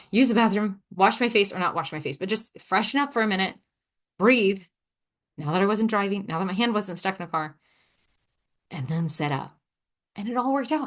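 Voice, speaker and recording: Chatty woman telling a story. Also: mid-range voice. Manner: chatty, animated storytelling with acted-out quotes. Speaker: podcast host. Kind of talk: casual monologue.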